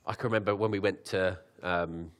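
Preacher, low and conversational. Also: male voice, fairly even intonation, a bit bright. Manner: conversational, laughs at his own asides; reads scripture slowly with lifted emphasis. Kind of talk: sermon.

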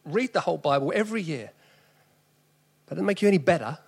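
A man in his forties preaching with a South East London accent. His voice sits fairly high, and he speaks in an earnest, conversational way that climbs into emphatic lists. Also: lively intonation, fast talker, creaky, husky. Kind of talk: sermon.

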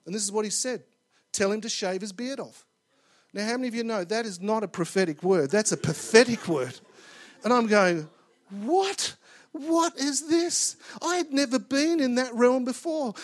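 A man preaching a sermon to a live congregation, his voice sitting high for a man. He tells his story in an animated way, acting out the voices he quotes and rising loud at tense moments. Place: church or conference hall with live audience.

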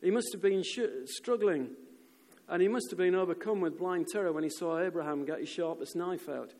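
A man preaching a sermon, telling stories in an animated way and shouting out the lines of crowds. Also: sits high, normal speed. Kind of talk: sermon with storytelling. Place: church. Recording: long reverb of a church hall.

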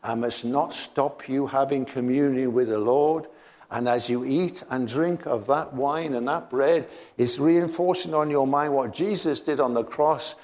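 Slow, emphatic male preacher. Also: medium pitch, darkish tone. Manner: slow, emphatic preaching with bursts of laughter and rising exclamations. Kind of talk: sermon.

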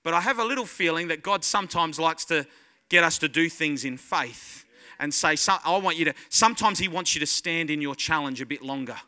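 A man preaches a sermon in a high, very bright and forceful voice. He tells his story with animated energy and acts out his own panic and delight as he goes. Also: fairly quick, clean tone. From Australia. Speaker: guest pastor.

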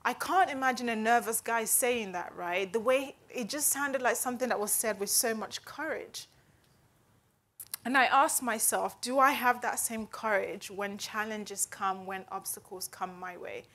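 This is a conversational devotional talk in which a woman earnestly and casually teaches Scripture, often asking "right?" Her voice is on the high side and fairly bright, and she takes her time.

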